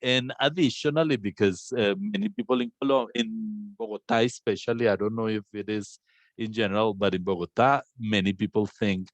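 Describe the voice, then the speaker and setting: A Colombian man, a native Spanish speaker, hosting an online academic discussion in English in a reflective, halting way. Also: fairly low pitch, fairly even intonation, dry recording. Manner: reflective, halting, many restarts. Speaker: conversation host. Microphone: video call.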